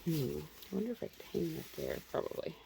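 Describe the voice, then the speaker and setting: A woman's voice: deep voice, huge pitch swings, fast talker, creaky. A middle-aged woman chatting casually and rambling through a home vlog. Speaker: vlogger. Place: home, indoors. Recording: noisy home recording.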